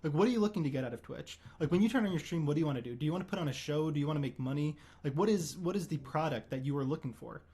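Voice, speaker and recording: A man streaming, chatting in a deadpan, mock-earnest way with many "like" fillers. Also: on the high side, very fast, few pauses, slightly rough. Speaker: streamer on a comedic stream date. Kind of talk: casual livestream chat.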